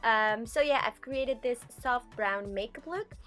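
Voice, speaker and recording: A woman's voice: a little high, unhurried, bright, forceful tone, soft background music. Chatty woman narrating a makeup tutorial. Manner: chatty, with frequent ums. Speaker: beauty vlogger.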